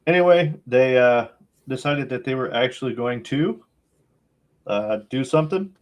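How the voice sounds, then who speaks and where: A man's voice: mid-range voice, expressive, normal speed. Laid-back rambling podcast co-host man. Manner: laid-back, rambling, many uh fillers, wry sarcasm. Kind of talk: casual podcast chat.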